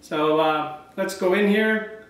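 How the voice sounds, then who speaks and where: A man's voice: sits high, slow pace, fairly bright tone, far from the mic. A middle-aged man, chatting casually through a home wine review and drifting into anecdotes. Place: room at home, filmed by his wife. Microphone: camera mic from a distance. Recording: very echoey room, voice from off-mic.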